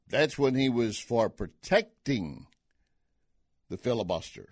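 A man's voice: medium pitch, animated, takes it slowly, long pauses, dry recording, clean studio sound. A man hosting a political talk radio show, folksy and sarcastic, scoffing at his opponents.

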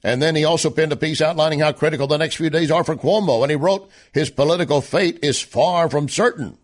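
A man's voice: fairly high pitch, fairly quick. A man hosting a political talk show, delivering a sarcastic monologue full of rhetorical questions. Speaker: radio talk show host.

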